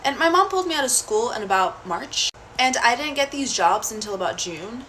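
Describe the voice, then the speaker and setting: Young woman, storytime video, profane and blunt, higher voice, faint background noise. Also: animated, a little fast, fairly bright tone.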